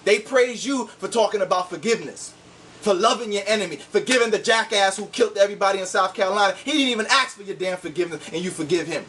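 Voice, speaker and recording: A man with a high voice rants in a combative, insulting way, hammering his points with repeated "see?". He sounds set back from the microphone, with a faint hiss underneath. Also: fast, sharp tone, far from the mic. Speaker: online commentator. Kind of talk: heated video rant.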